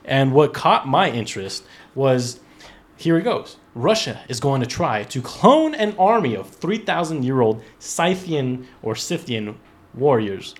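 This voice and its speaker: A man's voice: medium pitch, sing-song, a little slow. A man hosting a casual podcast, reading out an article with loose, profane asides and stumbling restarts. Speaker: podcast host.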